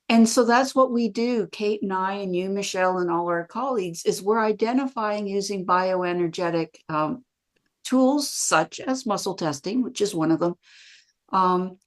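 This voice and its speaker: Lively woman telling stories. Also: medium pitch. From Canada. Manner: lively, acts out quoted dialogue. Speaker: podcast guest, bioenergetics practitioner. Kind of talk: casual interview storytelling.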